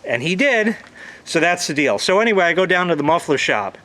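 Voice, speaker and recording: A man's voice: high-pitched, big pitch swings, fairly quick, bright, forceful tone. A man ranting casually to his audience, swearing freely and replaying conversations in quoted dialogue. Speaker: vlogger. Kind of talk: casual profane rant.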